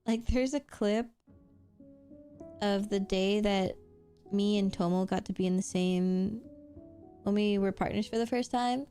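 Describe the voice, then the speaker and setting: A woman's voice: mid-range voice, steady tone, measured pace, long pauses, mellow, faint music behind. A woman streamer chatting casually with her viewers while drawing, answering chat, giggling often and swearing offhandedly.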